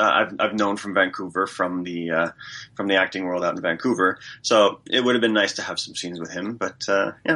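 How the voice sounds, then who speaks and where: Low bright-voiced enthusiastic actor. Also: male voice. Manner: enthusiastic, rambling with restarts. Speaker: actor guest. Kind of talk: casual interview.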